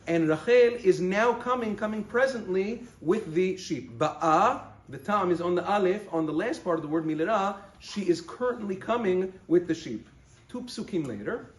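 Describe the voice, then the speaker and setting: Male rabbi, fairly high voice, explanatory teaching manner, roomy echo. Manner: explanatory, stresses words slowly when quoting verses. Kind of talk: halacha lesson.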